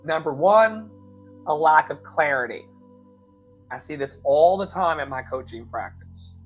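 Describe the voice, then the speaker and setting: A man coaching his listeners in a live motivational talk, repeating key lines slowly for emphasis and calling them beloved. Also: a little high, expressive, slightly rough, soft background music, poor audio. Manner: emphatic, slow repetitions for effect. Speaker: life coach and show host.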